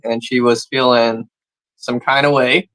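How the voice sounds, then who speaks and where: A man co-hosting a comedy podcast, telling a story in a relaxed, unhurried way and swearing casually. His voice is mid-pitched and the sound is dry and close. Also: no echo, rough recording. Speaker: podcast co-host.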